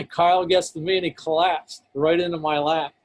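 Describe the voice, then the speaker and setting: A man's voice: fairly high pitch, little pitch movement, normal speed, low-quality recording. A man appearing as a guest on a talk show, earnestly telling a personal story in vivid detail.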